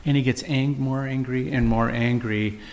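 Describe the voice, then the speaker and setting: Measured middle-aged man telling a story. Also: medium pitch, steady tone, a little mellow. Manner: earnest, measured, with frequent uhs and restarts. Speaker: physician and podcast host. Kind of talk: personal storytelling monologue.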